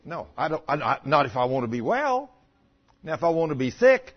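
An older man preaching a folksy, animated sermon about healing, acting out the voices in his stories. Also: on the high side, fairly quick, breathy edge. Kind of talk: sermon storytelling. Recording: dull lo-fi recording.

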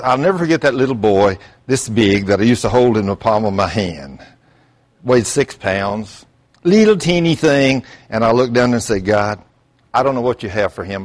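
An older man preaching a sermon, telling folksy stories and throwing out rhetorical questions with sudden outbursts. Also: fairly low pitch. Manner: folksy storytelling. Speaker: pastor.

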